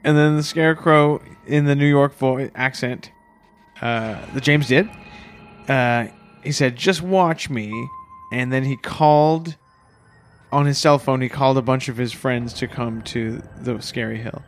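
A man co-hosting a comedy podcast, cracking quick crude jokes while improvising a story. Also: medium pitch, fairly even intonation, a little hiss or hum. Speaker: podcast co-host.

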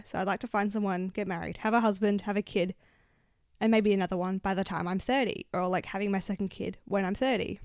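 A woman's voice: medium pitch, dry recording, studio quality. Swearing chatty woman in her twenties. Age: 20s. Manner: chatty, swears a lot, lots of fillers. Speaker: vlogger. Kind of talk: casual storytelling. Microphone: handheld microphone.

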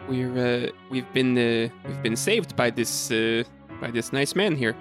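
A man with a mid-pitched voice chats at a tabletop game, thinking aloud about how to play his character. Faint music runs underneath. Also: a little slow. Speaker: player.

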